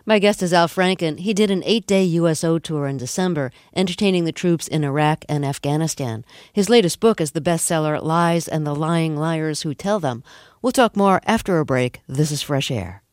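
A woman's voice: low voice, a little mellow, no echo, clean studio sound. Woman hosting a radio interview. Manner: attentive, measured prompting.

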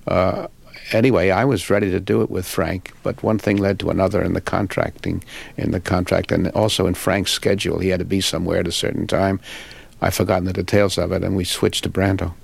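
An older man, a film director, answering interview questions in an unhurried, halting, reflective way. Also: deep voice, flat delivery, creaky. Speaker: film and stage director, guest.

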